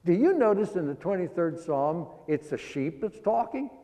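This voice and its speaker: Pastor, male, high-pitched, folksy sermon delivery, long echo of a sanctuary. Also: big pitch swings, warm tone. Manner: folksy, drawn-out emphasis on key words. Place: church sanctuary.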